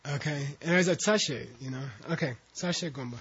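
A man's voice: fairly high pitch, moderate pace, fairly bright tone, husky. A man teaching a class, patiently leading students through a text syllable by syllable and explaining terms as he goes. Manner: patient, breaks words into syllables for students to repeat. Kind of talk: classroom lecture with call-and-repeat reading. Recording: dull lo-fi recording.

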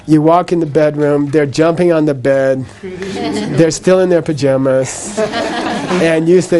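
A man's voice: fairly high pitch, measured pace, crowd noise. A man teaching a live class on Buddhist ideas, explaining patiently, repeating key points and checking in with "okay?" after each one. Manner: patient explaining with a light laugh.

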